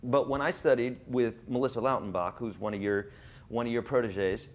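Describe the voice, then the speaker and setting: A man's voice: medium pitch, fairly even intonation, normal speed. A man hosting a live-stream interview, a guitar teacher who talks in an earnest, rambling way with many fillers.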